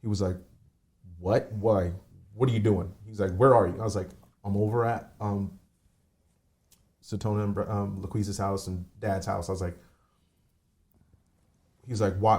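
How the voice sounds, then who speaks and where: Low, dark-voiced man in his forties. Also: steady tone, moderate pace, pauses often. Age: 40s. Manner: candid, rambling, swears casually. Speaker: podcast guest. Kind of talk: personal storytelling in conversation.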